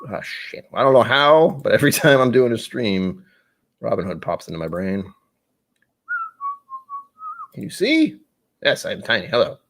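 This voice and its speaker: A man's voice: on the low side, a little fast, gravelly, fairly bright tone. A man hosting a live stream in casual chat, rambling and self-mocking, with the odd casual swear. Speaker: livestream host.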